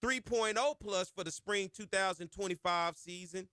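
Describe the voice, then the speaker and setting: Animated radio sports host. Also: male voice, moderate pace, clean tone, dry recording, studio quality. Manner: animated, rising loud and high when hyping a point; folksy Southern slang, chatty asides to his producer. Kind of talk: casual sports talk radio monologue. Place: radio studio. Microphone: studio microphone.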